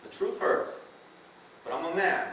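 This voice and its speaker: A man's voice: a little slow, fairly bright tone, slight background noise. Echoey man preaching at a church men's conference. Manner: earnest, conversational preaching with repeated phrases. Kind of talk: sermon. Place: church hall with a live audience. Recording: very echoey church hall, mic from far off.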